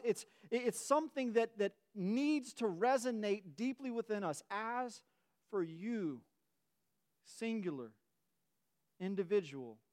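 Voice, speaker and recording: A man's voice: high-pitched, clear, resonant tone. A man preaching a sermon in a church, emphatic, often repeating and restarting phrases as his fervor builds. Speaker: pastor. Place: church sanctuary.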